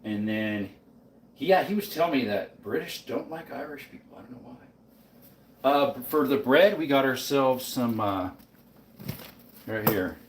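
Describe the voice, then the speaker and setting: A live streamer makes breakfast in his home kitchen, rambling drowsily to viewers in a casual way. His medium-pitched voice is expressive and measured, with frequent pauses, slight background noise, and the distant sound of a mic placed away from him in a roomy room.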